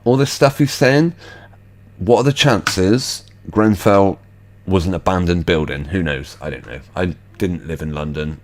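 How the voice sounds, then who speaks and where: Man, very low voice, skeptical host, rambling commentary, lots of fillers. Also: unhurried. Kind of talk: casual commentary over video clips.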